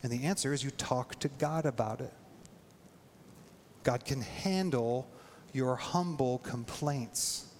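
A man preaching a sermon in a casual, animated way, his voice leaping up when he acts out prayers. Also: slow pace, pauses often, in a large hall, a little hiss or hum. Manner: animated, voice jumps high when acting out prayers. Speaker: pastor.

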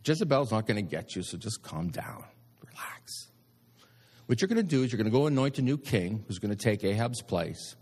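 A preacher voicing a calm, soothing divine voice. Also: male voice, medium pitch, breathy edge. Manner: soft, soothing, unhurried. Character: calm, reassuring divine voice, male. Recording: long hall reverb.

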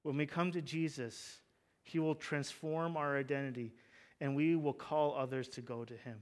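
Young male pastor, sermon delivery, slightly high voice, casual asides building to fervent emphasis. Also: steady tone, moderate pace. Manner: conversational, jokey asides, rising to fervent emphasis.

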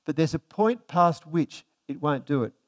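A man delivering a sermon in an easy, conversational way. His voice sits a little higher than most men's. When he reads scripture he slows down and goes quiet. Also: animated. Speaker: preacher.

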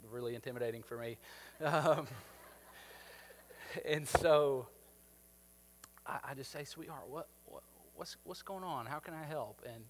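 A man, preaching a sermon and telling a personal story, moving from lively to hushed and tender. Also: medium pitch. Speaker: pastor.

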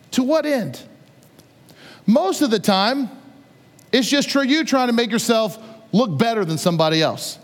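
A man preaching a sermon as a pastor, conversational and animated, retelling scripture with playful asides. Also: sits high, big-room sound.

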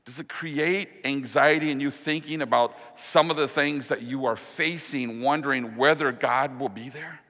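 A man preaching a sermon as pastor, earnest, dropping to a hushed, slow voice on the key promises. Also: mid-range voice. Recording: long reverb of a large hall.

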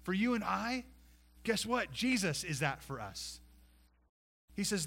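A man delivers a sermon with a bright, forceful tone and a voice pitched a little high. He pleads and dramatizes, surging loud then dropping to a hushed intensity. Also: expressive, moderate pace. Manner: impassioned, acts out pleading quotes, swings from loud to hushed. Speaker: pastor.

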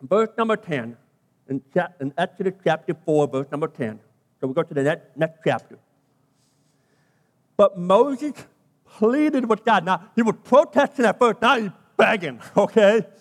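A British pastor with a high-pitched voice preaches emphatically, repeating his key phrases and stretching words to drive them home. His voice rings with a long reverb through a large hall. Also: expressive, measured pace. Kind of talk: sermon.

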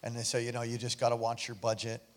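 A pastor preaching and telling a story to his congregation during an offering, animated and breaking into loud exclamations. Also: medium pitch, quick pace. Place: large church sanctuary. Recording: echoey church hall with music. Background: instrumental music.

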